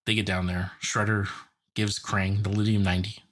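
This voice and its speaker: A man's voice: on the low side, little pitch movement, moderate pace, a bit bright. A young man co-hosting a casual podcast, animatedly retelling a cartoon episode with lots of filler words. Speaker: podcast co-host.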